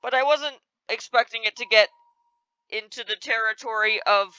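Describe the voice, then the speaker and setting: A woman's voice: a little high, moderate pace, bright, forceful tone, smooth, no room sound, dull audio. A young woman playing a video game, commenting expressively and in exasperation, often breaking into laughter. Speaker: gamer. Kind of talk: let's play commentary.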